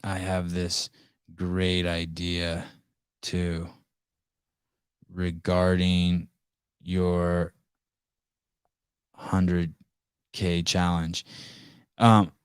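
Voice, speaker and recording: A deep-voiced man hosts a live call-in podcast in loose, casual chat. He rambles, swears freely and restarts his sentences often. The sound is close and dry, with no room around it. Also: fairly even intonation, extremely slow, long pauses, clean tone, dry recording. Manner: rambling, profane, many restarts and fillers. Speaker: podcast host.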